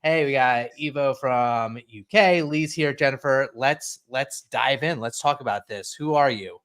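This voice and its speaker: A man from Central New Jersey hosting a live webinar over a video call, energetic and playful, often restarting his words. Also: mid-range voice, unhurried, smooth. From Central New Jersey, USA. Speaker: webinar host.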